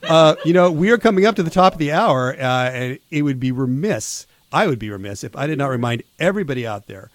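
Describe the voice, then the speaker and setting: A man's voice: mid-range voice, expressive, brisk, hardly any pauses, no room sound. A man in his fifties hosting a college radio show, telling stories in a loose, rambling way with many restarts. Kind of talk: casual on-air chat. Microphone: studio microphone.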